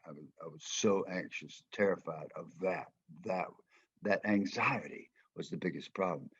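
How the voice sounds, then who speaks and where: An older man with a Southern American drawl tells stories as a guest speaker. His voice is low and husky, and he speaks in a folksy, emphatic way. The sound is muffled and lo-fi. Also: normal speed. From Georgia, United States. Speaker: former football player and coach, guest speaker. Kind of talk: storytelling talk.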